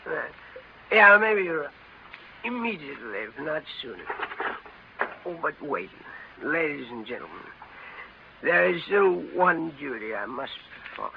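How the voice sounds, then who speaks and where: An actor playing a tipsy, clowning middle-aged uncle in a 1930s radio drama, drawling mock-grand toasts. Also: male voice, fairly high pitch, very animated, measured pace, gravelly, pauses often, a crowd in the background, heavily acted. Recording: dull old radio broadcast, faint hiss.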